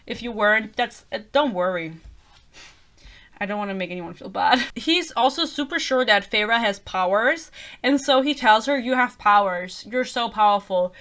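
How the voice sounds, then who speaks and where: A young woman with a fairly high voice rants casually about a book. She is sarcastic and giggly and slips into mocking voices for the characters. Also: expressive, normal speed, a bit bright. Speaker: book reviewer.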